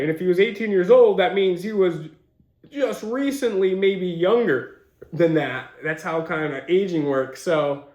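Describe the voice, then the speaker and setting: A young man doing casual, slangy commentary, reacting with incredulous asides. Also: sits high. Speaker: commentary host. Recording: roomy echo.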